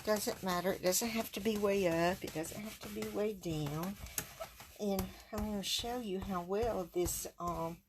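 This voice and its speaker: A woman's voice: medium pitch, measured pace, a little hiss or hum. A woman chatting in a folksy way as she demonstrates card stamping on a livestream. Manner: folksy, chatty, talks while working. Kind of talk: casual craft demonstration.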